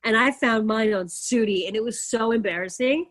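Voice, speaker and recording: Woman, husky, slightly high voice, giggly, animated storytelling, casual chat. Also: moderate pace. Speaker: podcast guest, influencer.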